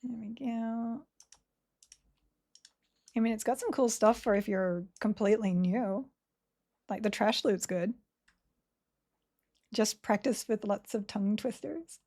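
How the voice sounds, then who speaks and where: Slow-talking, giggly woman streamer. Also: a little high, dark tone. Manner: chatty, laughs often, reads chat aloud; talks slowly, words run together. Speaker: streamer playing an online game. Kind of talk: casual live-stream chat.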